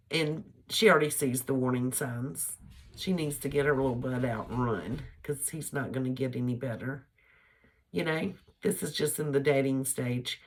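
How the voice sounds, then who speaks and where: A middle-aged woman, chatting opinionated relationship advice to her followers in a casual vlog, laughing easily. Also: low voice. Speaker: vlogger giving advice.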